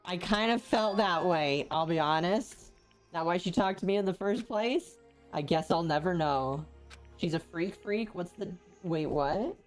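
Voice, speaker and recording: A woman plays a story-driven game, voicing its dialogue herself in a slightly low register. She breaks off now and then for playful comments. Soft game music runs underneath. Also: unhurried. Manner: voices the characters' lines, then adds joking asides. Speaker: gaming streamer. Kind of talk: reading game dialogue aloud and reacting.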